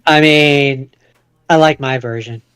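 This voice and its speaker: A man's voice: mid-range voice, steady tone, slow, a bit bright. A man co-hosting a podcast, speculating aloud and repeating words as he thinks. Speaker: podcast co-host. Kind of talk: casual chat.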